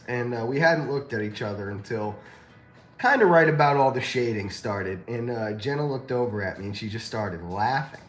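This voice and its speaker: Laughing male livestream host, roomy sound. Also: mid-range voice. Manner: laughing, animated storytelling. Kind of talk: casual livestream chat. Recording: roomy echo with faint music.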